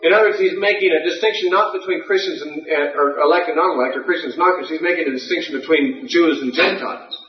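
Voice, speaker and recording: A man's voice: fairly high pitch, fast talker, hardly any pauses. A man teaching a Bible class, reasoning through a passage and answering questions, thinking aloud with occasional fillers. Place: classroom or lecture hall. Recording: far-off, echoey, muffled lecture recording.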